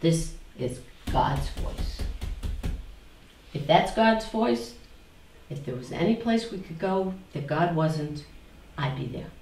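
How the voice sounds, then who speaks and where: Animated woman teacher in an echoey room. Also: on the low side, takes it slowly, slight background noise. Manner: animated, repeats phrases in mock voices, asks the class questions. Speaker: spiritual teacher. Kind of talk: teaching a class. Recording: echoey room, mic far off.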